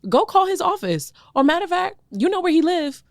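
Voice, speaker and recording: A woman in her thirties co-hosting a podcast, talking in an animated, emphatic way, repeating her points and laughing often. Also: extremely high pitch, brisk, no room sound, studio quality. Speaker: podcast co-host. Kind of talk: casual chat.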